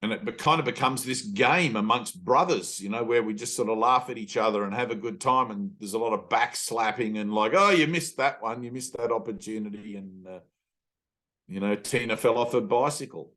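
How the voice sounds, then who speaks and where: A man's voice: lowish voice, normal speed, a bit bright. A man who is a spiritual teacher, giving a casual talk, telling loose stories with plenty of fillers and acting out the voices he quotes. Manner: loose storytelling, full of fillers.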